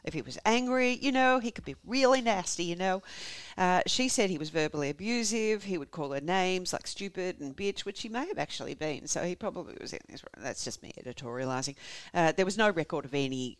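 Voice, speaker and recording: A woman's voice: fairly low pitch, animated, a little fast, hardly any pauses, clean tone, no echo. An Australian woman hosting a podcast, retelling a true-crime case in a chatty, jokey way. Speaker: podcast host. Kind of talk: casual true-crime storytelling.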